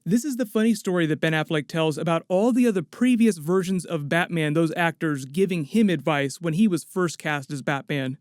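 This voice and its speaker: A man's voice: a little high, fairly quick, few pauses, dry recording, clean studio sound. A man hosting an online movie news show, breaking down rumors in a chatty, enthusiastic way. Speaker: host of a movie news channel.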